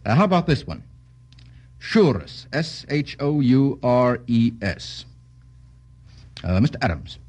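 Man, old-time radio quiz host, jovial, quick quips, slightly husky. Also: medium pitch, sing-song, a little mellow. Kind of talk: vintage radio quiz hosting.

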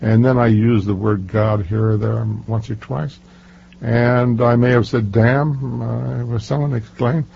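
Gravelly older man telling stories. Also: medium pitch, steady tone, measured pace, slight background noise. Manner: emphatic, storytelling, many fillers and restarts. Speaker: author being interviewed. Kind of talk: casual interview talk. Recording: muffled lo-fi recording.

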